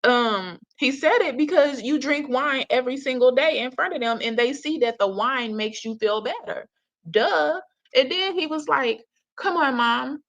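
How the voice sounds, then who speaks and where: A woman's voice: sits high, moderate pace. Chatty woman, reaction host, lo-fi sound. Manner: chatty, slangy, laughs often, addresses viewers as y'all. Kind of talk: casual reaction commentary. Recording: dull lo-fi audio.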